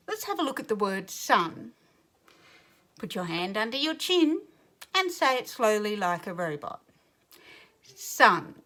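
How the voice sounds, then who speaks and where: A woman teacher giving a recorded lesson to young children, speaking clearly and patiently and sounding out words. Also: medium pitch, a bit bright.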